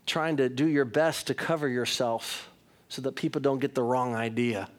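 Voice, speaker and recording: A man's voice: medium pitch, steady tone, moderate pace. A middle-aged man preaching a sermon as a pastor, earnest and talking straight to his listeners, at times turning emphatic. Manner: earnest, rising to emphatic, uses direct address.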